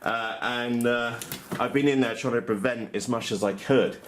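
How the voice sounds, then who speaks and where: A man talks casually through an unboxing at his workbench, blunt and chatty with lots of "uh"s and restarts. His voice sits at a middling pitch for a man. There is a faint hiss and the odd click of handling behind him. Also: moderate pace. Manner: chatty, blunt, frequent uh fillers and self-corrections. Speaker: RC model hobbyist vlogger.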